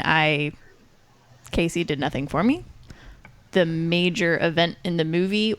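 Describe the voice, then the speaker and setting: Exasperated woman co-hosting a film podcast. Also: fairly low pitch. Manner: animated, exasperated, acts out her own reactions. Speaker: podcast co-host. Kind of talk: casual film review chat.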